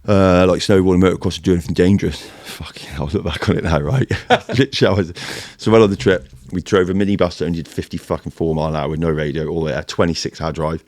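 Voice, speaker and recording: A man, a former Royal Marine, telling sweary war and adventure stories in casual podcast chat. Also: deep voice. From United Kingdom. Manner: fast, sweary, animated storytelling in military slang.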